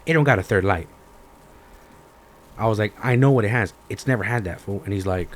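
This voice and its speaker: A young man hosting a podcast, telling a story in a profane, animated rant and acting out both sides of the conversations. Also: lowish voice, fairly quick, long pauses, a little hiss or hum. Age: young adult. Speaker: podcast host. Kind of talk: ranting casual storytelling.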